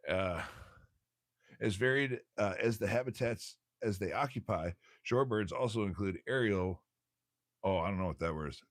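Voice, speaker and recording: A man's voice: on the low side, normal speed, no room sound, clean studio sound. A man hosting a casual livestream, reading aloud from a bird textbook, stumbling over words and cracking jokes as he goes. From United States.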